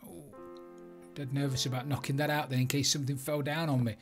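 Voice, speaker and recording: A chatty Englishman who makes Minecraft let's plays narrates his build over music, thinking aloud as he goes. His medium-pitched voice is fairly quick with a flat delivery, and the commentary is casual.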